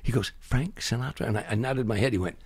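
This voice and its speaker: An older man, a comedian guest, telling animated anecdotes and acting out other people's voices and sound effects. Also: fairly low pitch, racing, husky, no room sound.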